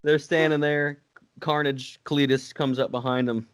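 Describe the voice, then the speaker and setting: A man's voice: a little high, steady tone, measured pace, clear, resonant tone, no room sound, studio quality. A man in casual podcast chat, enthusiastic and stammering a little.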